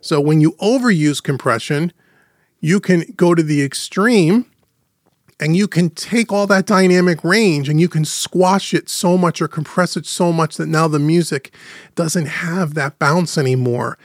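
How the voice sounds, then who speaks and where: A man hosting a podcast, explaining things to beginners in a chatty way and slowing down to stress key points, into a studio microphone. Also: fairly high pitch, no echo. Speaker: podcast host teaching audio mixing. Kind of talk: casual podcast teaching. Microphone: studio microphone through gentle compression.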